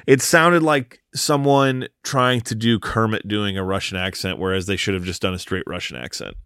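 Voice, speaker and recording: A man's voice: lowish voice, moderate pace, a bit bright, clean tone, no room sound, studio quality. A man co-hosting a casual movie podcast, recapping a film's plot in a loose, joking way. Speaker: podcast co-host.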